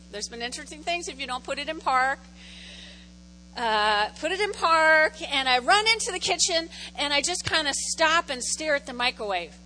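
A woman's voice: high-pitched, pushed and bright, a little hiss or hum, poor audio. A middle-aged woman pastor preaching a conversational sermon in a church, telling stories animatedly and repeating phrases for effect. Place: church sanctuary.

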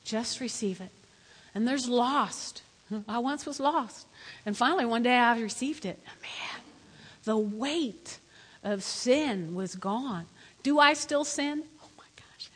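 A woman pastor preaching a lively sermon in church, swinging between loud calls and hushed asides. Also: a little high, takes it slowly, long pauses, husky. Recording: echoey hall.

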